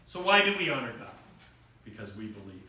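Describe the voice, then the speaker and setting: Bright-voiced preacher in an echoey hall. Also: male voice, lowish voice, big pitch swings, a little fast. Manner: storytelling with acted quotes and rising emphasis. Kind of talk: sermon. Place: church hall. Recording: echoey room picked up from far off.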